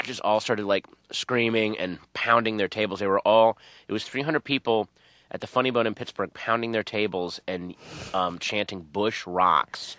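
Deep, bright-voiced comedian telling stories. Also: male voice, moderate pace, no room sound. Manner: rambling, animated storytelling with quoted voices. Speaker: stand-up comedian guest. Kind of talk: radio interview.

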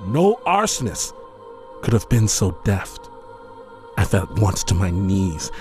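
Solemn, slow-paced male storyteller. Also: medium pitch. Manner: grave, measured, solemn. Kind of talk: dramatic first-person narration.

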